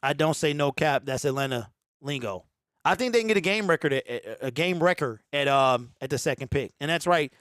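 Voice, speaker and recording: A man in his forties hosting a casual sports fan show, reading viewer comments aloud, animated and quick to laugh as he talks straight to his audience. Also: fairly high pitch, dry recording, clean studio sound. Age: 40s.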